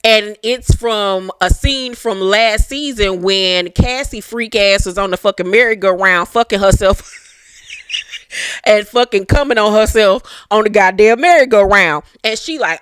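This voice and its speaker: A profane, animated recap host retells a TV episode, popping into exaggerated character voices along the way. The delivery is loose and comedic, with speech. The sound is dry and close to the mic. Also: mid-range voice, measured pace, clean tone, no echo.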